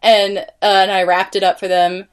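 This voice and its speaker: A woman's voice: mid-range voice, little pitch movement, normal speed, clean tone. A woman co-hosting a casual podcast, a comic artist telling anecdotes with laughter and quoted voices. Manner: laughing anecdotes, quoting others. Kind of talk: casual chat.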